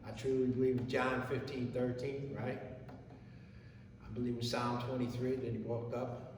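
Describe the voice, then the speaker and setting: Middle-aged Gold Star father, halting testimony, reverb-heavy distant hall sound with faint ambience. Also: medium pitch, level tone, a little mellow, a little hiss or hum. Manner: plain-spoken, halting, repeats words and restarts. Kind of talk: emotional personal testimony to an audience.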